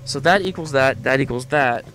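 A man's voice: medium pitch, normal speed, fairly bright tone, faint music behind. A young man hosting a gaming video, rambling casually, exasperated and swearing a lot. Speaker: host.

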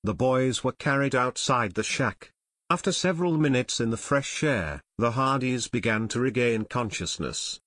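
A man narrating an audiobook in a steady storytelling manner, recorded close on a studio mic. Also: medium pitch, moderate pace, no echo. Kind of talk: scripted narration.

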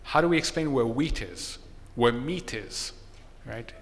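A man giving a measured, explanatory seminar talk in a conference hall. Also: mid-range voice, lively intonation. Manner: measured, explanatory, tells a joke. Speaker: seminar speaker on the economy. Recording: long hall reverb.

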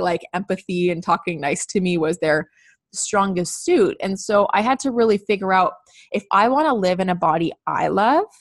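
A woman's voice: mid-range voice, no room sound, studio quality. A woman talking candidly and chattily as a podcast guest, with lots of "like.". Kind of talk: casual podcast conversation.

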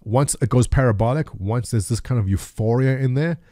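A man's voice: medium pitch, a little fast, warm tone, no room sound, clean studio sound. Chatty man telling trading stories. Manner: chatty, rhetorical questions to viewers; laughs at his own stories. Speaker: streamer and market commentator. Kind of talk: casual storytelling over a chart.

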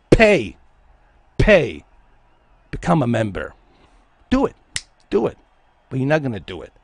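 A man's voice: medium pitch, huge pitch swings, a little slow, vocal fry, long pauses, breathy edge. A man from Bosnia, a game streamer delivering an aggressive, profane, taunting livestream rant at his viewers.

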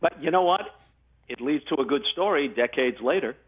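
An older man, a guest sportscaster, telling anecdotes in an animated way during a casual interview, heard over a tinny remote line. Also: a little high, brisk, over a noisy crowd.

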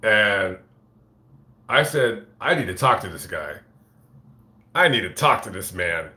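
A man with a fairly low voice tells a rambling, swear-filled story in a casual live-stream style. He is recorded on a phone inside a fast-food restaurant. The room is echoey. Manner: rambling, profane, animated retelling. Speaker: vlogger telling a story. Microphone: phone camera.

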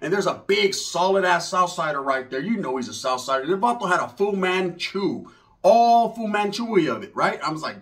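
High-voiced man telling a comic story. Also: expressive, moderate pace, fairly bright tone. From Northern California. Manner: loose, slangy, conversational delivery. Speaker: comedian.

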